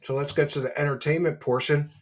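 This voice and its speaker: A man's voice: fairly high pitch, fairly even intonation, quick pace. A man hosting a livestream, mocking and crude, chatting as he eats. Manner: mocking, crude, talks while eating. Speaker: streamer host. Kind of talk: casual livestream commentary.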